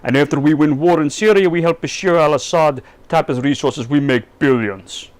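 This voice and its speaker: A man's voice: fairly high pitch, normal speed, no echo, natural voice. A man voicing a scheming middle-aged male Russian leader in a put-on Russian accent, speaking broken English with dropped articles. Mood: gloating.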